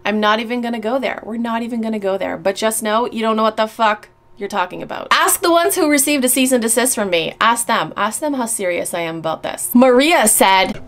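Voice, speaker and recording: A woman's voice: a little high, lively intonation, brisk, a bit bright. Blunt, swearing woman vlogger. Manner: blunt, sarcastic, swears often. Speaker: YouTuber. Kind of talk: casual vlog reading comments.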